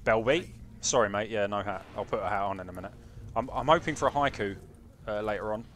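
A young British man doing excitable, jokey live gameplay commentary and chatting with his viewers. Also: fairly low pitch, fast talker, a little hiss or hum. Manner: excitable banter with chat, jokey. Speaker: game streamer.

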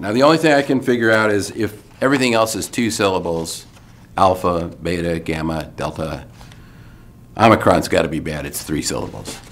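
An older man with a somewhat low voice talks through a weekly briefing in a relaxed, conversational way. He drops in wry asides, and his sentences often restart. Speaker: medical school leader giving a weekly video update. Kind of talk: informal spoken briefing.

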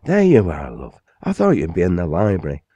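A man voicing an excitable elderly father in an audiobook, talking loudly and fast with a raised pitch. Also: no room sound, highs cut off, exaggerated voice. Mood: excited. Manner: excited, bursting with news.

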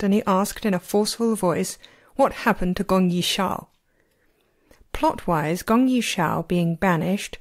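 A woman narrating a novel chapter as an amateur reader, with a steady, expressive delivery. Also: lowish voice. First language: not Chinese. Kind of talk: audiobook narration.

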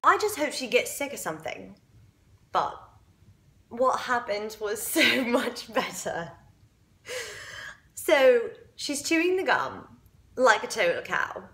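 A woman's voice: fairly high pitch, very animated, slow pace, pauses often, bright, forceful tone, exaggerated voice. A woman playing a spoiled, spiteful young woman who gloats over a rival, giggling, mocking and dropping into sly whispers. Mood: gloating. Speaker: actor auditioning. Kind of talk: audition monologue.

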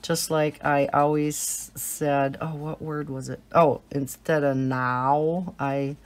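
Middle-aged lady w a bit of southern twang, has a cold, slow easygoing chat, low voice. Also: flat delivery. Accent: slight Southern twang. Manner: chatty, giggly storytelling. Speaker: coloring channel host. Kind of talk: casual chat while coloring.

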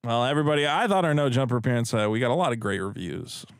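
A man co-hosting a podcast, chatting in quick, laughing, irreverent banter. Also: mid-range voice, creaky, no echo. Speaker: podcast co-host. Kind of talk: crude casual banter.

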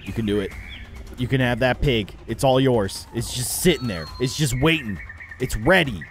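A man giving excitable, jokey commentary while playing a video game. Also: medium pitch, normal speed, slight background noise. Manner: excitable, jokey, yelps and laughs at the action. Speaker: gaming YouTuber.

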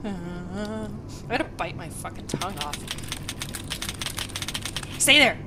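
A woman playing a horror game and commenting, jumpy and swearing, often yelling out in fright. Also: on the low side, expressive, slow pace. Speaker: gaming video creator. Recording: noisy lo-fi home mic with volume spikes.

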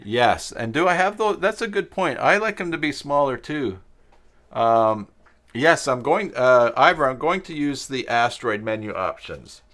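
A man hosting a live-stream web design tutorial, thinking aloud as he works and answering chat viewers, halting often with pauses and fillers. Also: medium pitch, animated, fairly bright tone. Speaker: tutorial host.

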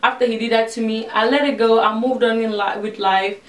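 A chatty young woman tells a personal storytime to her viewers, acting out every exchange she recalls. Her voice sits a little high. She is heard from a bit off the mic in a room with a lot of echo. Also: steady tone, fairly quick. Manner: chatty, retells conversations with quoted voices. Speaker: vlogger. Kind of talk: casual storytime monologue. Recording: roomy, a little distant from the mic.

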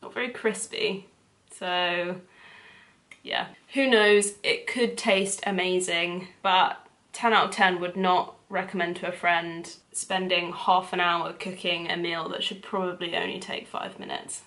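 A young woman with a London accent, chatting casually to camera in a cooking vlog, animated and full of quick asides. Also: on the low side. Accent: London English. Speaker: vlogger.

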